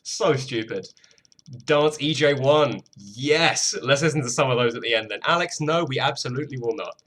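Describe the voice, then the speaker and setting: A man's voice: medium pitch, expressive, fairly quick, sharp tone. A young British man chatting casually while he produces music on a live stream, self-deprecating and swearing freely. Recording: faint music behind voice.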